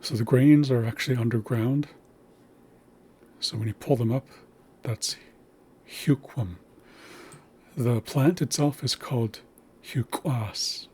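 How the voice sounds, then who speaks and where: A man's voice: medium pitch, takes it slowly, long pauses, darkish tone, breathy edge. A man teaching a language lesson, patiently spelling out sounds and words.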